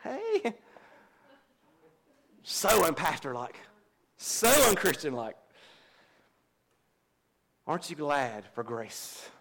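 A man's voice: medium pitch, animated, slow pace, long pauses, fairly bright tone. A middle-aged man, a pastor preaching a folksy, confessional sermon and joking with his congregation. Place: church.

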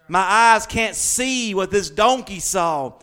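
A man's voice: high-pitched, lively intonation, slow pace, pushed and bright, smooth. A man preaching a sermon, reading scripture and building fervently into proclamations. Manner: reads scripture aloud.

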